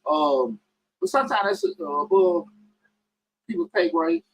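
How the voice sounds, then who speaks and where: A man hosting a casual call-in podcast, talking in bursts with frequent restarts and emphatic upward pitch jumps. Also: sing-song, unhurried, a little hiss or hum, poor audio. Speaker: podcast host.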